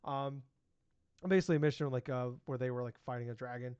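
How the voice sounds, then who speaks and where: A man's voice: mid-range voice, fairly even intonation, quick pace, a little mellow, clear, resonant tone, no room sound. A man co-hosting a podcast in casual chat, running through news items with lots of ums and uhs. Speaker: podcast co-host. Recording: dull, lo-fi and very dry.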